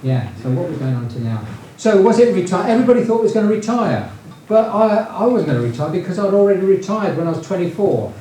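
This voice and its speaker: A man's voice: sits high, big pitch swings, fast talker, few pauses, warm tone. A man, telling business stories casually, rambling with many fillers and restarts. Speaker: retired business founder. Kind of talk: casual anecdotal storytelling. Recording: very echoey room, distant mic, faint noise.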